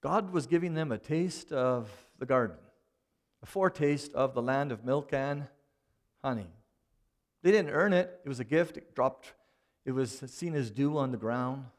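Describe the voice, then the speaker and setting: A man preaching a sermon, animated, often dropping suddenly to a quiet voice for emphasis. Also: mid-range voice. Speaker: pastor.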